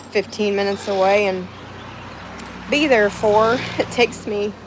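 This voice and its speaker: Outdoors at home, a middle-aged Southern-accented woman runs a casual livestream, rambling emotionally and welcoming viewers by name. Her voice sits at medium pitch against a noisy background.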